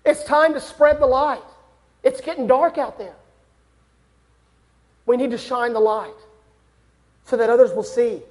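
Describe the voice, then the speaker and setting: A young man delivers a sermon with an unusually high-pitched voice. He speaks earnestly and builds to fervent exhortation. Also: measured pace, pauses often, a little mellow. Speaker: preacher.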